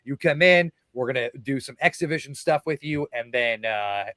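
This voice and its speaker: A young man, a guest wrestler, telling stories in a podcast interview, excited and full of swearing, shouting out the quotes he acts out. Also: medium pitch, moderate pace, dry recording. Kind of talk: casual storytelling in a podcast interview.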